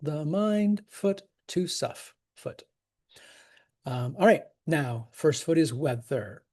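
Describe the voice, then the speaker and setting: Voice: medium pitch, lively intonation, slow pace, mellow. A teacher explaining poetic meter in a casual, enthusiastic way, laughing now and then. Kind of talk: scansion lesson.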